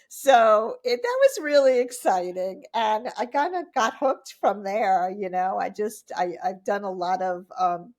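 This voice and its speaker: Woman in her 50s chatting on a podcast, lively, laughs a lot, does little voices for quotes. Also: on the high side. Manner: animated, laughs often, acts out quotes. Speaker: podcast guest, triathlete and coach. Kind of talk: casual interview storytelling.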